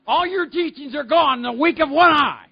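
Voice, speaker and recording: A shrill, yelling inner voice that berates its owner with insults, as a man puts it on. It sounds high and gravelly, pitched well above his normal voice. The recording is dull and lo-fi. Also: normal speed. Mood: berating. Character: scolding inner voice of a male ego.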